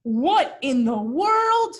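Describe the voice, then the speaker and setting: A woman's voice: high voice, sing-song, very slow, voice pushed up, heavily acted. Woman reading as a stern, humorless farmer. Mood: grumbling.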